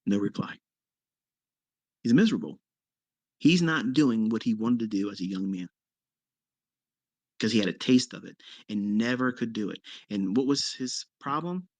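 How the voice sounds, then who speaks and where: A man in his fifties, a trading mentor, telling a story in casual talk, bluntly and with swearing, and with sudden emphatic leaps in pitch. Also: lively intonation, normal speed, long pauses, darkish tone, no room sound. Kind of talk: casual storytelling on a live audio chat.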